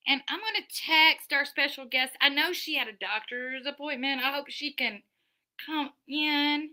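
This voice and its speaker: Lady on her stream, real bright tense voice, kinda high, chatty stories. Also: unhurried. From Southern United States. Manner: chatty storyteller, animated, many restarts. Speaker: livestream host. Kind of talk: casual chat reading viewer comments.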